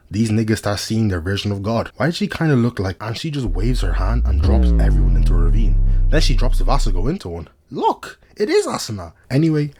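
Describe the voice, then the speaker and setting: Young man, husky voice, rapid slangy commentary, lowish pitch, jokey asides. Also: a little mellow. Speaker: anime recap commentator. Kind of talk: casual recap commentary over footage.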